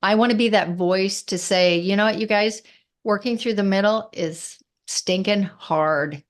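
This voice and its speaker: A woman's voice: medium pitch, measured pace. Woman entrepreneur on a podcast, talks straight and direct. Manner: frank, direct, down-to-earth. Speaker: entrepreneur guest. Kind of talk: casual interview chat.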